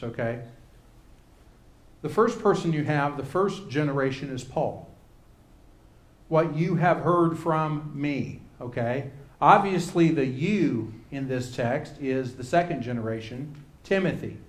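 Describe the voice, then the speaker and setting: A man leading a Bible class in a casual, off-the-cuff way, with a voice that sits a little high for a man. He doubles back on his words, then leans into key phrases with lifted emphasis. The recording has a roomy echo around him.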